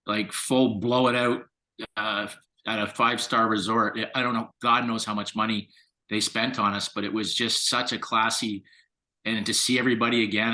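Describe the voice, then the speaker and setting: A man, a guest on a hockey podcast, telling animated stories in casual chat and laughing often. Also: fairly low pitch.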